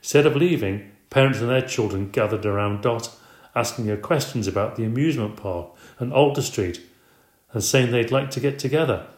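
A man narrating a children's story in an expressive, conversational audiobook reading. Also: mid-range voice, fairly quick. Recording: roomy echo.

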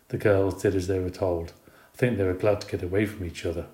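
A man narrating a children's storybook with expressive, animated reading. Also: deep voice, fast. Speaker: reader. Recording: roomy recording.

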